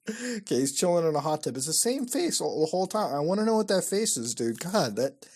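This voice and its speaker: Male online host, loose profane reaction commentary, swings between loud outbursts and low mutters. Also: fairly quick, breathy edge. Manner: profane, excitable, mock-outraged, laughing. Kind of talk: casual commentary while browsing websites.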